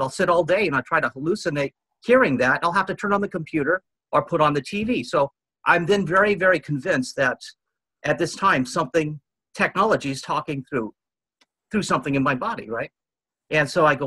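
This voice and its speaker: Interview guest, fifties man, husky and dry-sounding, earnest rambling storyteller. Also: on the high side, fairly quick, pushed and bright, no room sound, poor audio. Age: 50s. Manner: earnest, rambling, quotes others.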